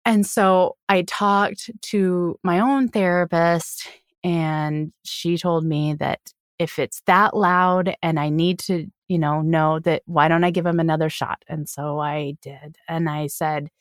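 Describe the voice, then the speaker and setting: A woman's voice: deep voice, steady tone, takes it slowly, no echo, studio quality. A woman, a podcast guest, telling a personal story in casual chat and often quoting what people said. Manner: candid, quotes people in her story.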